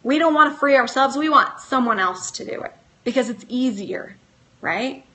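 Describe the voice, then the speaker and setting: Talking directly to her viewers in a live motivational session, a middle-aged woman coaches earnestly and keeps asking them questions. Her high, bright voice stays clear and lifted, with lively intonation at a moderate pace.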